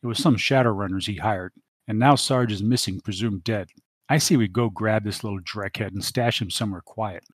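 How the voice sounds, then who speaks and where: A tough young woman police cadet, voiced by a male game master, sharp and icy. She speaks in his own range, clipped and cold. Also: lowish voice, a little fast, slightly rough, no room sound.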